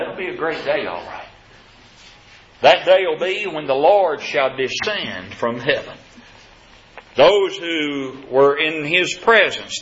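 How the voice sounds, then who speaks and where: A man preaching a sermon to a congregation, quoting scripture and addressing the brethren, swelling loud and high on key phrases, then dropping low and soft. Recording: dull lo-fi sound.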